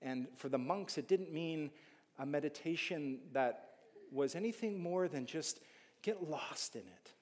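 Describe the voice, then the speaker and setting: A male pastor delivering a sermon with a slightly high voice that carries a long hall reverb. He preaches in an animated way, moving between loud, emphatic bursts and quiet, hushed asides.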